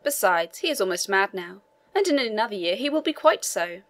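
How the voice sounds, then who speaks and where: A man's voice: high voice, very animated, fairly quick, a bit bright, no room sound, exaggerated voice. A woman reading the part of an obliging man, a prison governor, who explains matters deferentially, in an audiobook.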